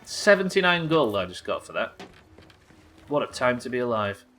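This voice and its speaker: A man's voice: medium pitch, very animated, normal speed, fairly bright tone, faint music behind. An English man streaming a game, chatting casually and rambling, swearing freely as he plays. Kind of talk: casual chat while playing.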